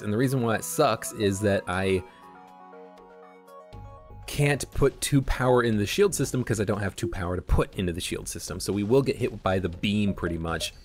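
A man giving casual let's play commentary, thinking aloud as he plays a strategy game at his desk mic. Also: medium pitch. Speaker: gameplay commentator.

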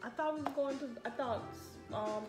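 A woman's voice: sits high, moderate pace. A middle-aged woman joining her kids' snack review as a guest, cheerful and chatty. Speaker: guest, the hosts' mom. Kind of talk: casual food review chat. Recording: roomy room with music behind.

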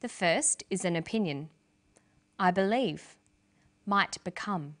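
A woman presenting a scripted English lesson, speaking clearly and carefully as a teacher. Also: lowish voice, slow pace, fairly bright tone. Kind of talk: scripted instructional narration.

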